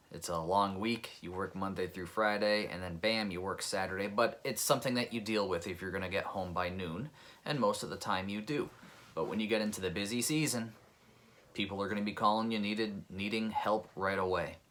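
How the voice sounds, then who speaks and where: Deep-voiced man telling a personal story. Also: fairly bright tone. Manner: earnest, reflective, conversational. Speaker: pest control technician.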